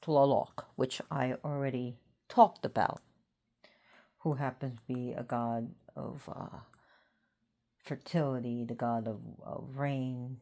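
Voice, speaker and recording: A tired woman talking casually about an old god, rambling and pausing to think. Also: very deep voice, steady tone, dark tone. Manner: rambling, unhurried, pauses to think. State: tired, yawning. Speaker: host of a mythology talk. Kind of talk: casual talk to camera.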